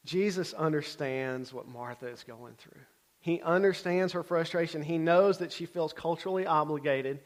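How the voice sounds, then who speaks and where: A man with a somewhat high voice teaches a sermon in a relaxed, conversational way. He keeps checking in with his listeners, and his delivery swings between loud, emphatic bursts and quiet asides. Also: normal speed. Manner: conversational, checks in with frequent "okay?". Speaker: Bible teacher.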